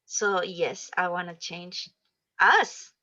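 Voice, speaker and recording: A woman's voice: on the low side, takes it slowly, bright, forceful tone. Woman guest, encouraging self-love talk, slightly muffled video call audio. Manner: earnest, encouraging, acts out quoted self-talk. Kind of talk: motivational interview talk.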